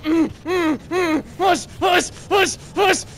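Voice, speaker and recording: High, bright-voiced jumpy gaming host. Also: male voice, takes it slowly, a little hiss or hum. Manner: jumpy, yelps and shouts at scares, mutters between. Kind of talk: horror game let's-play commentary.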